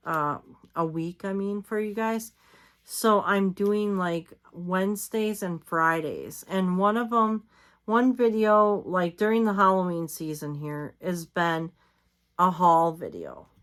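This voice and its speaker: Tired woman chatting casually at home. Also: on the low side. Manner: rambling, repeats herself, many fillers. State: tired, yawning. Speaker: vlogger. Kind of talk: casual chat, reading articles aloud. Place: home at night.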